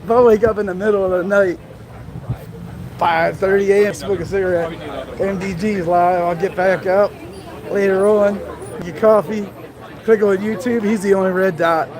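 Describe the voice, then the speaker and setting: A man's voice: sits high, steady tone, moderate pace, long pauses, crowd noise. A man from Baltimore with a Baltimore accent, chatting casually to viewers on a live stream outdoors at night, laughing often. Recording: noisy street and traffic sound.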